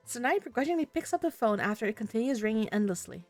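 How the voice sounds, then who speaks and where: Expressive woman narrating a game. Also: fairly high pitch, fast, few pauses, dry recording, soft background music. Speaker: let's play streamer. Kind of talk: reading a visual novel aloud.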